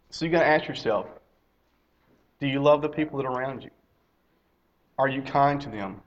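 A man's voice: mid-range voice, normal speed, long pauses. Middle-aged guy preaching to his church, chatty, repeats himself, asks the crowd stuff, kinda dull lo-fi sound. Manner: conversational, repeats key phrases, asks questions. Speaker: lay preacher and teacher. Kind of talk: sermon. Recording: slightly dull lo-fi recording.

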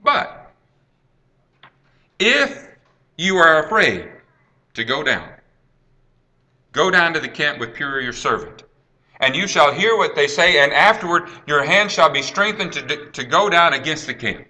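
Male preacher, bright higher voice, dramatic storyteller who swings from hush to loud. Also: very animated, unhurried, pauses often. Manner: dramatic storytelling, acts out quoted lines, drops to a hush then rises. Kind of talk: sermon retelling a Bible story.

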